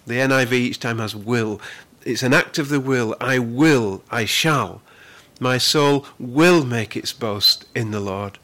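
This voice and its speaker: A male pastor delivers a sermon in an earnest, conversational manner at a middle pitch with a sharp tone. He frequently repeats words while collecting his thoughts, and he slows way down to emphasize the scripture he quotes.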